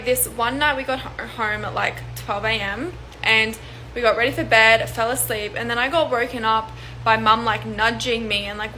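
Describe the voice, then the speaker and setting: A young woman telling a spooky story in a chatty, casual manner, her voice sitting a little high. There is clear noise behind her that never lets up in the recording. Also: bright, forceful tone. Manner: chatty, drops into whispers when quoting. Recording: noisy background hiss.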